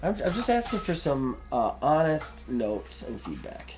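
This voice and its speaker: Male co-host for a gaming stream: jokey, reads game text with flair, animated pitch. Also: a little slow, over music. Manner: joking, laughs often, reads aloud dramatically. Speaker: let's play co-host. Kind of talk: casual gaming chat, reading game text aloud.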